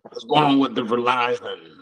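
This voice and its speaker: A man's voice: medium pitch, normal speed, poor audio. A man in casual podcast banter, blunt and dismissive, with a drawling way of talking.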